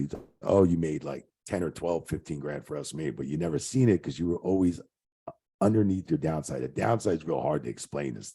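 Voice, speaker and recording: Gravelly, very deep-voiced middle-aged man. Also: warm tone. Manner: rambling, profane, lots of fillers. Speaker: guest, retired wrestling referee. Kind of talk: casual interview storytelling.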